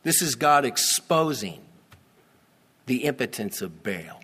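Man, pastor; measured, deliberate sermon delivery with wry asides; reverberant sanctuary sound. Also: mid-range voice, sing-song, bright, forceful tone, breathy edge. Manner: expository, teasing asides, emphatic.

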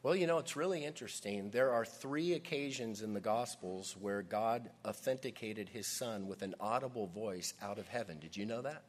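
Preacher swinging from booming to hushed. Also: male voice, moderate pace, hardly any pauses. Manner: dynamic, swings from loud emphasis to hushed near-whisper. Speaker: pastor. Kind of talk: sermon.

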